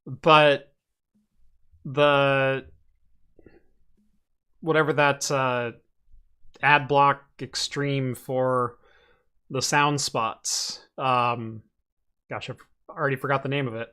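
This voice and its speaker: Bright-voiced male podcast host, laid-back. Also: medium pitch, level tone, very slow, long pauses, clear, resonant tone. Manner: laid-back, chatty, frequent fillers. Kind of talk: casual podcast chat.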